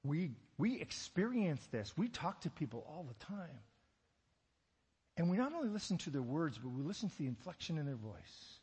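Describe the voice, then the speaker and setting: Male pastor, sermon, fairly high and husky, joking asides, big echoing hall. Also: normal speed. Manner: animated, rhetorical questions, joking asides.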